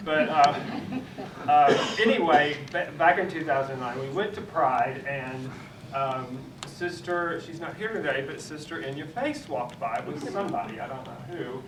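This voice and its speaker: A man's voice: on the high side, measured pace. A middle-aged man telling family anecdotes at a church panel, laughing often. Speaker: drag nun guest. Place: large echoey church sanctuary. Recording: echoey room, distant mic, background noise.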